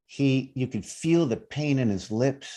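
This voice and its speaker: A middle-aged man co-hosting a casual review podcast, emphatic and quick to react, swearing freely. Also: mid-range voice, warm tone. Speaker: podcast co-host, actor.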